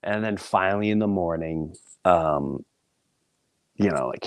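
A man's voice: deep voice, unhurried, long pauses, no room sound. A middle-aged man hosting a podcast, telling a personal story in a blunt, profane, casual way and acting out the people he quotes. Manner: animated, acts out quoted voices, blunt and profane. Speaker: podcast host.

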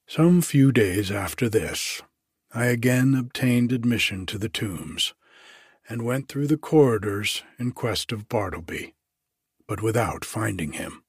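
A man giving a measured first-person reading of a literary story as an audiobook narrator. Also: lowish voice, animated, slightly rough, no echo, clean studio sound.

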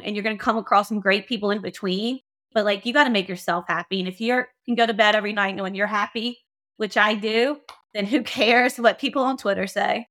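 Bright, blunt woman podcaster. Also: fairly high pitch. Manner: frank, blunt, swears freely. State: emotional. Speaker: podcast host. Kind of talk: casual podcast monologue.

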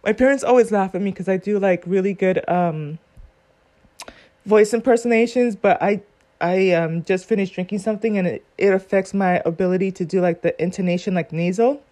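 Woman reacting to a court clip, earnest, rambling, mid-pitched. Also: fairly quick, dark tone. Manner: earnest, rambling, thinks aloud with many fillers. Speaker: commentator reacting to a court video. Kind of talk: casual commentary.

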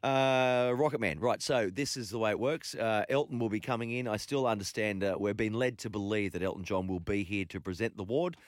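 Laid-back Australian radio host, low voice. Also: male voice, a little fast, few pauses, dry recording, studio quality. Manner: laid-back, rambling, full of ums and uhs. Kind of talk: casual sports radio chat. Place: radio studio.

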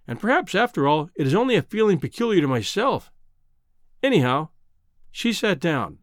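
A man narrating a classic novel in an expressive, old-fashioned literary reading. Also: a little high, dry recording, clean studio sound. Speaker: audiobook narrator. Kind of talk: storybook narration.

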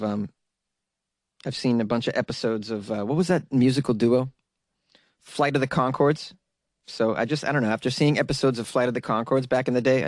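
A man's voice: medium pitch, dry recording, studio quality. A man hosting a podcast, rambling in a chatty way, often laughing, recorded in a closet at home. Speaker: podcast host. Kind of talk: casual monologue.

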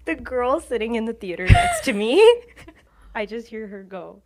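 A woman's voice: a little high, wildly swooping pitch, measured pace, a little mellow. A woman co-hosting a podcast in casual chat, outspoken and blunt, acting out dialogue as she tells stories. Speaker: podcast co-host.

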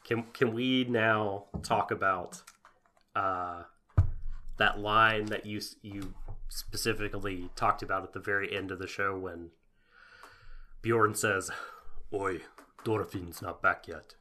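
A man's voice: on the low side, fairly even intonation, slow, pauses often, bright, forceful tone, a little hiss or hum. A man co-hosting a casual podcast, rambling and breaking into giggles. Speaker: podcast co-host.

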